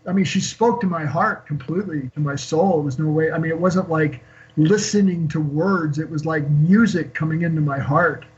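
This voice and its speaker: A man in his sixties, a guest on an interview show, telling an emotional personal story in a halting way with many fillers and restarts. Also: on the high side, fairly even intonation, a little mellow. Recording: dull lo-fi call audio.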